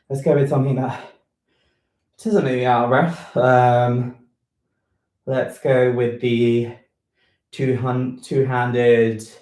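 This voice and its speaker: A man's voice: medium pitch, a little mellow, echoey room, poor audio. A man leading a home workout in casual talk, thinking aloud with many ums and self-corrections, a bit out of breath. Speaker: fitness vlogger leading a live workout. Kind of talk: casual live workout instruction. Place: room at home.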